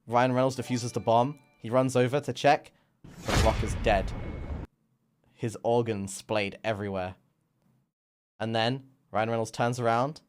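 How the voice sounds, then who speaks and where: A young British man streams as he spins a silly story, chatting casually and playfully. His voice sits at a middling pitch and he rambles. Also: fairly even intonation, moderate pace, darkish tone.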